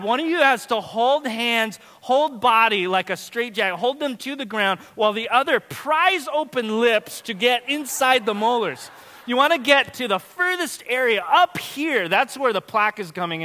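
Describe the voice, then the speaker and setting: A man in his thirties preaching a sermon as a dad telling family stories, animated and swinging from loud to hushed. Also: high voice. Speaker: pastor. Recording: long hall reverb.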